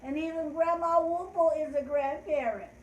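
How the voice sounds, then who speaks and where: Leading kids through a calendar lesson on a learning show, an older woman host speaks slowly and encouragingly, calling out cheerfully like a teacher. She has a high voice, and the rough recording is reverberant with a little hiss or hum.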